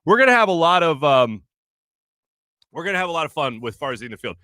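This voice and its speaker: Chatty, bright-voiced man hosting a sports show. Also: fairly high pitch, very animated, quick pace, no room sound, studio quality. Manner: chatty, loose and upbeat, many fillers and restarts. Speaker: sports talk show host. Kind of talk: solo sports talk show, casual chat. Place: studio.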